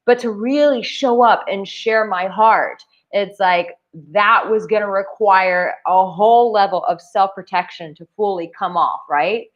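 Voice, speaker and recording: A woman's voice: mid-range voice, a little slow, few pauses, muffled recording. A woman dating coach giving casual, emphatic advice to camera, full of "like" fillers. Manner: chatty, emphatic, with many "like" fillers. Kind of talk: casual talking-head advice. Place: Bali.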